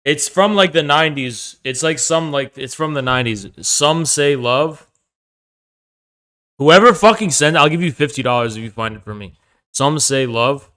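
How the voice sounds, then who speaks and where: Foul-mouthed streamer ranting outdoors in wind. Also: male voice, on the high side, normal speed. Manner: crude, profane and excitable. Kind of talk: casual livestream chat. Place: outdoors on a windy street.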